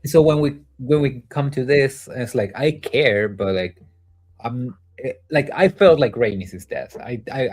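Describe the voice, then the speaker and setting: A man's voice: medium pitch, a little mellow, husky. A man co-hosting a podcast, talking in a hesitant, laid-back way full of fillers as he reviews an episode. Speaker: podcast co-host. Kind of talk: casual TV recap chat.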